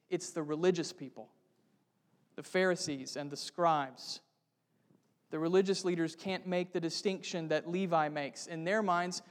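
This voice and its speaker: A man preaching from the pulpit with a high, ringing voice. He speaks earnestly and keeps turning to his listeners with questions. Long reverb trails his words through the hall. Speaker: pastor. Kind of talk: sermon.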